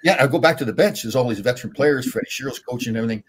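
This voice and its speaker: Older guy rattling off hockey stories fast, kinda husky low voice. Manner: animated, rambling anecdotes with frequent restarts. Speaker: podcast guest, former hockey player. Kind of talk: casual storytelling.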